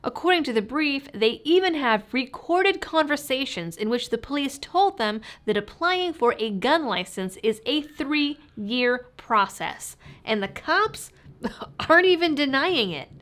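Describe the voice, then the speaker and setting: A woman's voice: high-pitched, big pitch swings, unhurried, fairly bright tone. A woman hosting her own channel, giving sarcastic, mocking scripted commentary to camera. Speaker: political commentary host.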